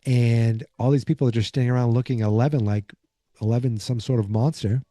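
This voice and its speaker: A drowsy man hosts a podcast, recapping an episode in a loose, rambling way full of fillers. His voice is deeply mellow and dark, recorded dry with no room sound. He keeps fighting off yawns. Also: steady tone, fast, no echo. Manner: rambling, lots of fillers and asides. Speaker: podcast host.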